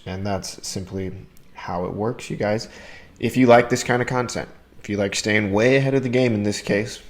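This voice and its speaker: With a lowish, darkish voice, the crypto channel host eagerly and casually guides "you guys," his viewers, through a topic in a to-camera explainer.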